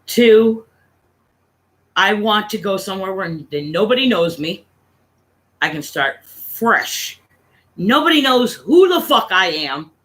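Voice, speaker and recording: A woman's voice: medium pitch, very animated, a little slow, a bit bright. A woman from Connecticut venting in a casual, rambling, profane chat on her own stream. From Connecticut, USA. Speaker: livestream host.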